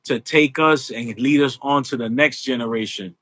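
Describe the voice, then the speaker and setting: Male guest, animated casual chat, bright tone. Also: medium pitch, normal speed, no room sound. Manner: animated, conversational, repeats "you know". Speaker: guest, social media influencer.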